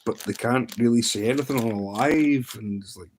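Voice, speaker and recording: A man's voice: mid-range voice, normal speed, hardly any pauses, slight background noise. A man hosting a livestream, telling a story in a rambling, amused way with lots of restarts. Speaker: livestream host. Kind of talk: casual livestream chat.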